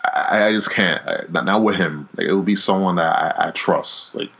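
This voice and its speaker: A man's voice: low voice, moderate pace, gravelly, fairly bright tone. A man co-hosting a casual wrestling podcast, rambling, repeating words and swearing as he goes. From New York. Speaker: podcast co-host. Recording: dull lo-fi audio.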